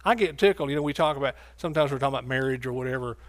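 A man's voice: medium pitch, rapid-fire. A man preaching a sermon in a folksy, joking way.

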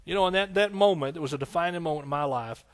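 Emotional middle-aged pastor preaching testimony. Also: male voice, on the high side, quick pace. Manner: emotional, tearful at times, swings between hushed and loud exclamations. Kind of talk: sermon testimony.

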